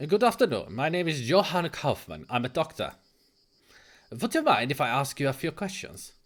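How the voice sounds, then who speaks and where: A man's voice: fairly high pitch, wildly swooping pitch, normal speed. A man voicing a polite doctor asking questions, while reading game dialogue aloud.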